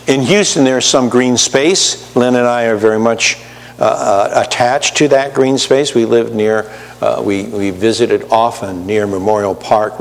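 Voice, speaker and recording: A man's voice: on the low side, vocal fry, big-room sound. A man preaching a sermon to his congregation, chatty, with teasing asides to the pews. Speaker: pastor.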